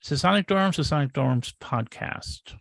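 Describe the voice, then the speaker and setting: A man's voice: on the high side, lively intonation, moderate pace, creaky, a bit bright, dry recording. A man co-hosting a music podcast, talking in a sardonic, rambling way with repeated words. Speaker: podcast co-host. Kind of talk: casual podcast chat.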